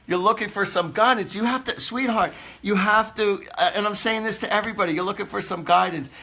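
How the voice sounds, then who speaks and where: Rambling New psychic host, somewhat high, raspy-edged voice. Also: male voice, brisk, pushed and bright. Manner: rambling, chatty, laughs often. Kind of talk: casual live stream chat.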